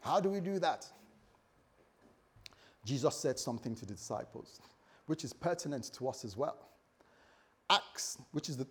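A man preaching a sermon as pastor, animated, swinging between loud bursts and quiet asides, often acting out the voices of others. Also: mid-range voice, husky.

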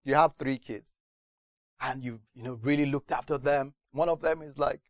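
A man delivers a sermon, animatedly telling stories and acting out different voices. He speaks in a mid-range voice at normal speed, in a dry recording.

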